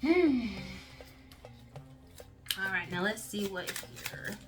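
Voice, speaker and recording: A woman with a mid-range, expressive voice takes it slowly while loud music plays behind her. As an intuitive reader doing a casual channeled reading to camera, she rambles in a chatty way, frequently tagging "okay?" and "like" on her lines.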